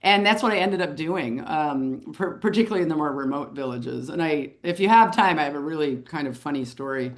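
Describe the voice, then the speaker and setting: A middle-aged photographer and author, appearing as an interview guest, tells her story in a lively, animated way with a fairly low voice. She chuckles now and then and talks briskly, barely pausing.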